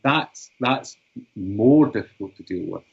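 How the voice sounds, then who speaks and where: British therapist guy in his 50s, earnest and explaining, husky, kinda muffled sound. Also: on the low side, animated, a little slow. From Britain. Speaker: psychotherapist and author. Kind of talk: storytelling and interview talk. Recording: dull lo-fi recording.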